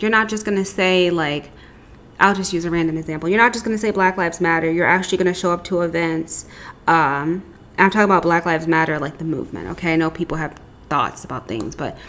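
Woman doing a pick-a-card tarot reading, slightly low voice, lots of um and like. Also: fairly bright tone. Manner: chatty, rambling, fillers and asides. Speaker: tarot reader.

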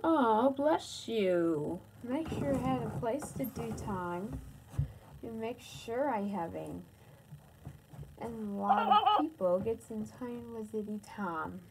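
Woman, slightly high voice, very slow soft cooing, toy video, noisy home recording. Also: lively intonation. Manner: soft cooing and soothing, like talking to a baby. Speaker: toy reviewer. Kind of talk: casual toy play video.

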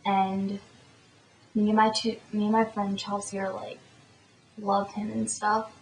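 A woman's voice: medium pitch, little pitch movement, a little slow, a little mellow, roomy sound, slight background noise, rough recording. A teenage girl vlogger telling a story in a chatty, rambling way. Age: teens. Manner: chatty and rambling, lots of fillers. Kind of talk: casual storytelling to camera.

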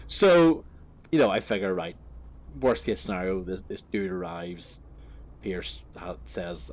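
Over his gameplay, this man tells a long, rambling, foul-mouthed anecdote, laughing as he talks and frequently fixing his own words. His voice sits low and is expressive, at a moderate pace. There is slight background noise in this gaming video.

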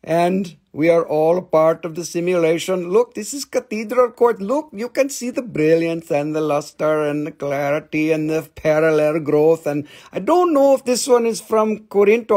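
A man's voice: sits high, sing-song, normal speed, creaky, few pauses, darkish tone. A middle-aged man hosting a live crystal sales stream, rambling and joking as he shows the pieces. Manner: rambling, jokey, showing pieces up close.

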